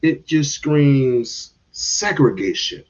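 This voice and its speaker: A man's voice: a little high, expressive, slow pace, a little mellow, muffled recording. A man giving heated, casual commentary on a stream, restarting and repeating words as he goes.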